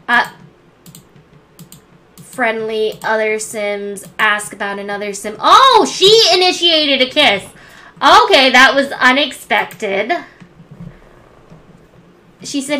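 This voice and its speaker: A woman's voice: fairly high pitch, lively intonation, a little slow, sharp tone. A woman narrating her life-simulation game play in a chatty way, thinking aloud with many restarts. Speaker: gameplay narrator. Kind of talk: let's play commentary.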